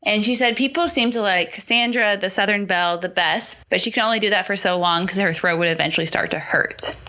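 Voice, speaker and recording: A woman co-hosting a podcast, telling a story in casual chat with quick asides. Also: mid-range voice, pushed and bright. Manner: chatty storyteller, quick asides and frequent laughs. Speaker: podcast co-host.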